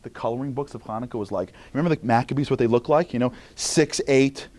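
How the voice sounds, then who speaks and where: New guy doing a funny motivational talk, gets loud then drops to almost a whisper. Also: mid-range voice, fast. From New York. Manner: animated, swings between loud outbursts and hushed near-whispers. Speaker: motivational speaker. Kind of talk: comic inspirational talk.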